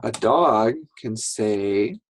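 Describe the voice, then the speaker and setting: A man teaching a slow English lesson to young learners, patient and repetitive, acting out sounds as he explains. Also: on the low side, animated, a little hiss or hum. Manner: patient, repeats words, acts out sounds.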